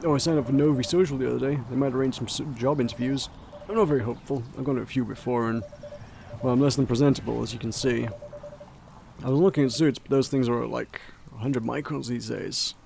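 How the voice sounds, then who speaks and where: A man voicing a scruffy, humble homeless man in a video game with a low, mumbling hobo voice. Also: steady tone, quick pace, gravelly, a little mellow, a little hiss or hum, natural voice. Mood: weary.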